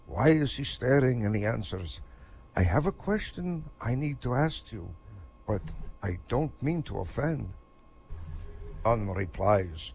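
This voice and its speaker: Gravelly-voiced man telling corny jokes. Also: medium pitch, a little mellow, a little hiss or hum. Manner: corny jokes told in a vampire persona. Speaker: stand-up comedian. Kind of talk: stand-up comedy set. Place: online voice chat room.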